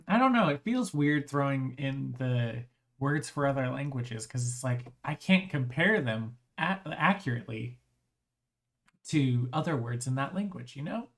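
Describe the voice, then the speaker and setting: A live streamer chats casually in a mid-range voice, expressive and unhurried. The voice sounds strained, with frequent throat clearing, and the talk rambles and keeps restarting phrases.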